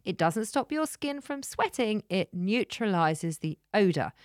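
Blunt, expressive woman. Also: medium pitch, a little slow, dry recording, studio quality. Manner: blunt, swears, mock-indignant. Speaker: podcast co-host. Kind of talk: casual chat.

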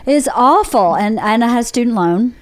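A woman's voice: on the high side, normal speed. Southern woman telling candid stories. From Georgia, USA. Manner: candid storytelling with animated put-on quotes. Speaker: podcast host. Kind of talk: casual chat.

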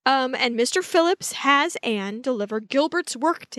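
Woman, podcast co-host, higher voice, dry close sound, wry chatty retelling. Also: expressive, moderate pace, hardly any pauses, fairly bright tone, dry recording. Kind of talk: casual recap chat.

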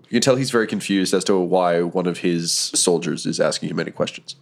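A man with a very deep voice running a tabletop game. He narrates scenes in an easy, conversational way and asks for dice rolls. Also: fairly quick, gravelly. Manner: descriptive, conversational. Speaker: game master.

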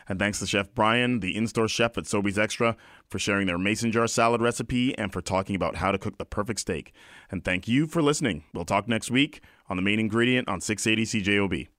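A man hosts a radio show in a studio, wrapping up an interview and reading the sign-off in a brisk, upbeat way. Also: lowish voice, a bit bright, no room sound. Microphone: studio microphone.

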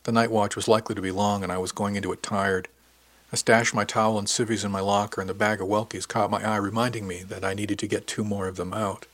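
A man's voice: fairly low pitch, little pitch movement, fast talker, fairly bright tone, dry recording. A man narrating a first-person audiobook in an easygoing, conversational way.

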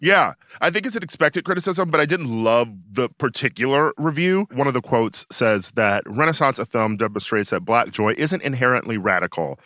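A man's voice: medium pitch, expressive, moderate pace, hardly any pauses, pushed and bright, dry recording, clean studio sound. A man co-hosting a podcast in casual chat, opinionated and talking in long runs with many fillers and restarts. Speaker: podcast co-host.

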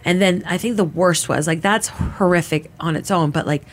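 Speaking at a moderate pace in a fairly low voice, a woman gives an emotional account of her assault as an interviewee. She talks casually, leans heavily on filler, and voices what other people said.

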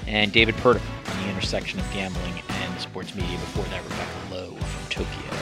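Man, podcast host, low-pitched, joking, halting restarts, music behind. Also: flat delivery. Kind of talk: casual podcast chat.

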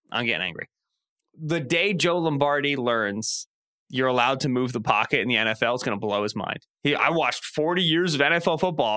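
Bright-toned, exasperated podcast co-host man. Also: on the high side. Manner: exasperated rants, stammering restarts. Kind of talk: casual sports chat.

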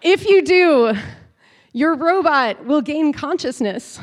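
A robot owner's manual gives a mock-official warning, emphatic and dramatic, as a woman reads it out. The voice sits high. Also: lively intonation, takes it slowly. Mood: mock-serious.

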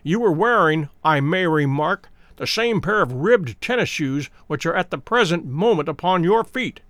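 A calm, stern detective, read by a male narrator who lays things out in a measured, exact way. The voice is fairly high and lively in its rise and fall, with a dry, close sound. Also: no room sound. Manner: measured and precise.

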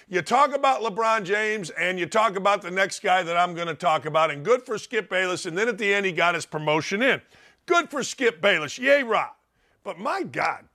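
A man hosting a radio show, delivering an opinionated monologue with lots of stammering restarts and repeated phrases. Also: high-pitched. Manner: repetitive, excitable, stammering restarts. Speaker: talk radio host.

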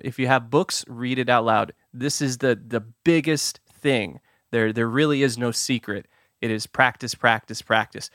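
A man hosting his own podcast, giving advice in an upbeat, quick, self-amused way. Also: medium pitch, fairly bright tone, dry recording, clean studio sound. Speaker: podcast host. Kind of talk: solo podcast advice talk.

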